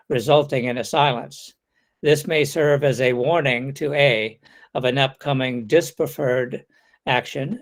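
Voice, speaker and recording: A man giving an online lecture as a webinar lecturer. He explains points step by step and reads example questions aloud with contrasting intonation. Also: medium pitch.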